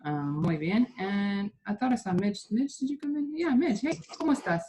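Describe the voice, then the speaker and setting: A woman's voice: mid-range voice, lively intonation, moderate pace, mellow, a little hiss or hum. A woman teaching a Spanish class, patiently explaining grammar step by step.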